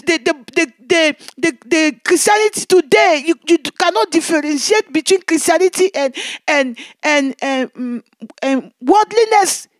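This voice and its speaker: Very high-voiced woman evangelist, pleading. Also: no room sound. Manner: emotional, pleading, with many repeated words. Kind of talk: testimony preaching.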